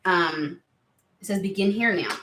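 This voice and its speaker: A woman chatting excitedly and rambling on tangents during a spiritual card reading video. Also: on the low side, a little slow, slight background noise. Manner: excitable, rambling, lots of exclamations. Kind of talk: casual chatty reading vlog. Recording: roomy echo.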